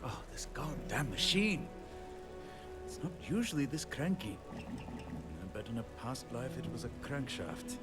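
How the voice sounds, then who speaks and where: In this bit of game dialogue, a man with a mid-range voice plays a weary, self-deprecating handyman, animated yet unhurried and lightly acted. He's rueful, chatty and apologetic, with light laughter over game music.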